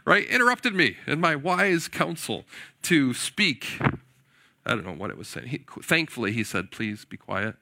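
A man in his forties, a pastor preaching a sermon in an animated way, often putting questions to his listeners. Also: mid-range voice, gravelly. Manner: animated, asks the audience questions, often says "right?".

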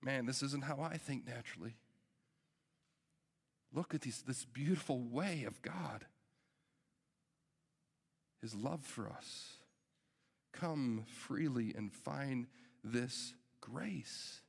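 A man's voice: medium pitch, takes it slowly, creaky, pauses often, husky. Earnest man preaching in a reverberant hall. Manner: earnest, emphatic preaching with rising urgency. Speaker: pastor. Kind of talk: sermon.

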